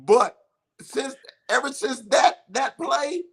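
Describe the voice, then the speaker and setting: A man with a gravelly voice joking and laughing in casual sports chat on a podcast. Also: very high voice, animated, slow pace. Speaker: podcast co-host.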